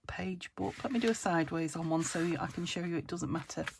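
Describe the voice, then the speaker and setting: A woman from the UK hosting a casual craft tutorial, chatty and self-chiding as she thinks aloud while working, her voice still slightly croaky. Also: fairly low pitch, fast, a little hiss or hum. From United Kingdom. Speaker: crafting channel host.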